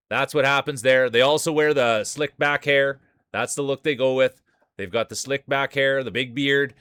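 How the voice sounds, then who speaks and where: A man's voice: mid-range voice, bright, forceful tone, smooth, no echo. A man streaming live, calling marble races like a sports announcer and greeting viewers by name. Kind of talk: live stream race commentary.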